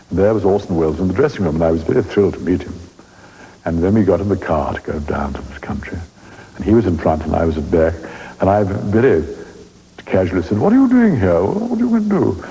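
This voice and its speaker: A man's voice: low-pitched, creaky, mellow, breathy edge, low-quality recording. An English man in his eighties telling wry theatre anecdotes in an interview, chuckling as he reminisces. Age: 80s. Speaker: veteran stage actor interviewed.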